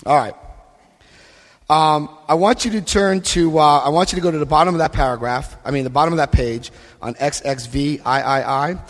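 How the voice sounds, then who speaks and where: A man giving a lively recovery talk to a live convention audience, acting out scenes and voicing quotes. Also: a little high, normal speed. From United States. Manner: animated, acts out scenes, shifts voice for quotes. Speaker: AA convention speaker. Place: convention hall. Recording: long hall reverb.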